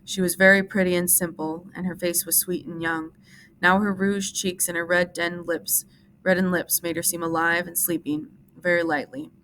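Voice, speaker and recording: A woman teacher reading a novel aloud to a class in a steady, measured narrating voice. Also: fairly low pitch, a little hiss or hum. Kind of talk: audiobook-style reading for class.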